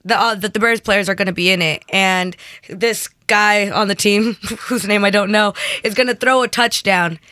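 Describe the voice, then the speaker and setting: A woman co-hosting a show in casual chat, giggly and animated. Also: medium pitch, moderate pace, no room sound.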